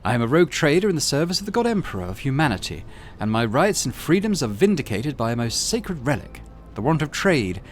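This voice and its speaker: Guy doing a high dry bossy space noblewoman, cold and predatory, lively delivery. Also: fast, hardly any pauses, slight background noise, lightly acted. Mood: imperious. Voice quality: dry, commanding. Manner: haughty, imperious.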